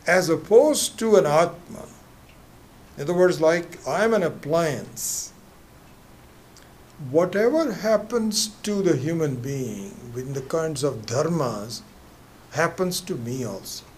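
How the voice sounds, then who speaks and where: A man's voice: on the high side, lively intonation, slow, darkish tone, a little hiss or hum. A man teaching a class on scripture, speaking conversationally with many fillers and asides. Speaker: spiritual teacher. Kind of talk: lecture with a told joke.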